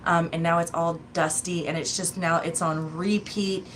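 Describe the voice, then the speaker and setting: A woman's voice: fairly low pitch, level tone, normal speed, few pauses, a bit bright, a little hiss or hum. A woman giving a tarot reading in a casual, chatty, rambling way, often breaking into laughs. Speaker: tarot reader.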